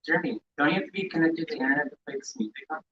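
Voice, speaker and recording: A man's voice: on the high side, animated, racing, background noise. A man emceeing a live convention, chatty and apologetic, stumbling over names as he calls out groups. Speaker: event emcee. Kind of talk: live event hosting. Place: large indoor convention hall. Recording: echoey hall, distant dull sound.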